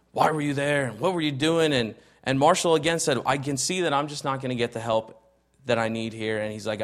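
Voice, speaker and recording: Man telling a story, acting out the dialogue. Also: mid-range voice. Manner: acts out quoted dialogue, often dropping softer for quotes; conversational, many fillers and restarts like "I'm like". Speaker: speaker giving a personal testimony. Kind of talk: casual spoken storytelling.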